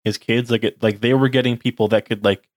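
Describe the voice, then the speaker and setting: A man's voice: medium pitch, steady tone, fairly quick, dry recording, studio quality. A young man co-hosting a casual podcast chat, rambling with lots of "like". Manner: rambling, heavy use of "like". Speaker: podcast co-host.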